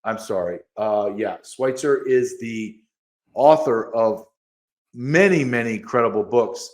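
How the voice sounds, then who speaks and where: A man co-hosting a podcast in casual chat, animated and quick to get excited, sometimes reading quotes aloud. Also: medium pitch. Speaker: podcast co-host.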